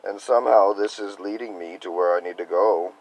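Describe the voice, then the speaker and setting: Tired, stuffy young man, deep and croaky, musing hesitantly to camera over faint hiss. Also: a little fast, low-quality recording. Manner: soft-spoken, wandering, hesitant. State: congested and tired. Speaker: vlogger sharing spiritual reflections. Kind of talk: rambling personal video diary.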